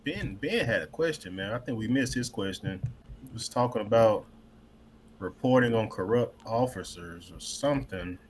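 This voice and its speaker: A man speaking as a guest on a casual panel chat show, easygoing and quick to laugh. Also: lowish voice, expressive, a little hiss or hum.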